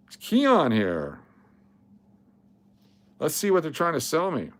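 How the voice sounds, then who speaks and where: A man's voice: fairly high pitch, huge pitch swings, slow. A man hosting a casual livestream, blunt and sarcastic, swearing now and then. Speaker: livestream host.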